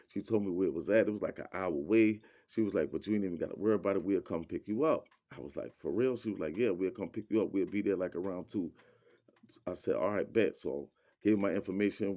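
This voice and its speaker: A man's voice: deep voice, dark tone. A young man telling a story in a casual, rambling way, full of slang and fillers, quoting people as he goes.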